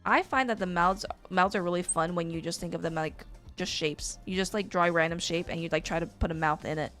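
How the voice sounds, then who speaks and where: A woman's voice: on the low side, brisk, fairly bright tone, faint music behind. A woman teaching a live-stream drawing lesson, chatty and rambling with lots of fillers. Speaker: art teacher.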